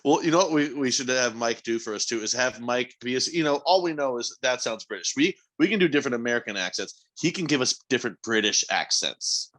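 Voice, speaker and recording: A man co-hosting a podcast, joking and swearing in quick casual chat. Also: medium pitch, animated, a bit bright. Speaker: podcast co-host.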